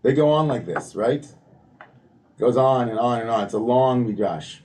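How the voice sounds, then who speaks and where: A man's voice: medium pitch, lively intonation, normal speed, a little mellow. A man leading a text study at a service, talking in a chatty, conversational way with many "you know"s and "right?"s, reading Hebrew passages aloud and then explaining them.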